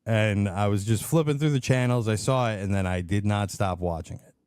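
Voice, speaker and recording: A man co-hosting a podcast, telling stories in a relaxed, halting way with easy laughs. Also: lowish voice, clear, resonant tone, dry recording, clean studio sound. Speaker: podcast co-host. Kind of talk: casual podcast chat.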